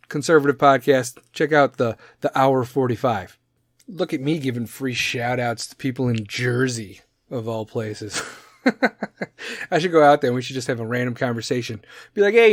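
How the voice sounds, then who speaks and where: A man with a Chicago accent, ranting loudly about politics on a podcast, profane and rambling, slipping into mocking voices. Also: mid-range voice, dry recording, clean studio sound. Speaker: podcast host.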